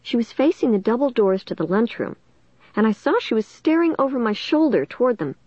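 A woman reading a first-person audiobook in a steady, measured way. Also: fairly high pitch, no echo, dull audio. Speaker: audiobook narrator.

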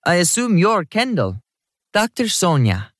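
Brief: male narrator doing a hurried, bossy woman in her fifties, slight Jamaican lilt, pitched up high. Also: huge pitch swings, no room sound, studio quality, full character voice. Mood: brisk, bossy.

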